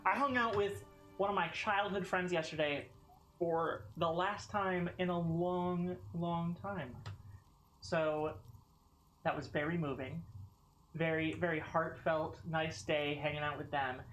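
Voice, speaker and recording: A woman's voice: on the low side, steady tone, measured pace. Chatty streamer woman, Southern accent. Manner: rambling, swears casually, laughs often. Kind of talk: casual gameplay stream chat. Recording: echoey room with faint music.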